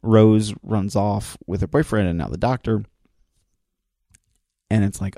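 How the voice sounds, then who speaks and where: Mellow-voiced man enthusiastically retelling a story. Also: fairly low pitch, fairly even intonation, a little slow, dry recording, studio quality. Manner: enthusiastic storyteller, acts out quoted lines; rambling with restarts and asides. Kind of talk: casual recap of a TV episode.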